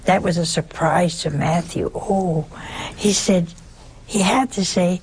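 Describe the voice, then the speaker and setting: Slow, gravelly older woman preaching. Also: lowish voice, lively intonation. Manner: conversational, emphatic with rhetorical questions. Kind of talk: sermon.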